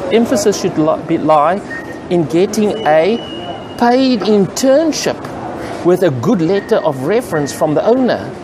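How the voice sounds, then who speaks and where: An earnest man shares his views in a casual vlog. His voice sits a little high, and he often restarts and repeats words while he works out his point. Clear outdoor traffic noise runs beneath him. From South Africa. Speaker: computer training business owner. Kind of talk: casual talking-to-camera opinion vlog.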